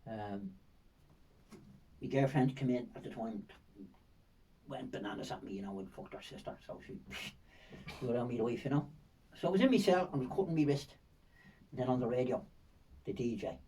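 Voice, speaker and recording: A man's voice: medium pitch, warm tone, breathy edge, far from the mic, rough recording. Older Dublin man telling rambling stories. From Ireland. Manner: rambling, vivid storytelling with frequent fillers and repetitions. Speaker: guest. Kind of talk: storytelling in a podcast interview.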